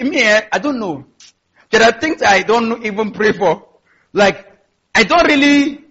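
A man's voice: extremely high pitch, sharp tone, husky, dull audio. A man preaching a sermon in an emphatic style, with call-and-response asides to his congregation. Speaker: pastor.

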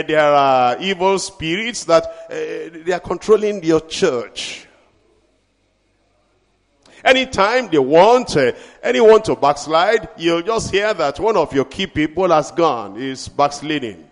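A male pastor with a high-pitched voice delivers an emphatic sermon. He swings between ringing, shouted declarations and quiet, confiding asides. His voice carries a long reverb tail, as in a large hall. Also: lively intonation, measured pace.

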